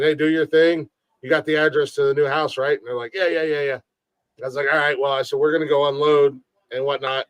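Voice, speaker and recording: A man's voice: mid-range voice, no echo. Rambling man telling a long story. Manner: rambling storyteller, repeats words. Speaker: podcast host. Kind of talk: casual chat.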